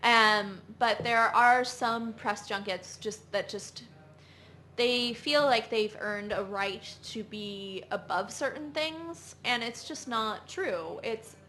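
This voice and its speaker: A woman co-hosting a casual podcast chat, speaking in an earnest, measured way. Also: on the high side, pushed and bright. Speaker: podcast co-host.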